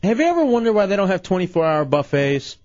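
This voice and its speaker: A man hosting a casual late-night radio show, animated and full of incredulous questions, his voice going hoarse. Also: sits high, fast talker, no echo, lo-fi sound.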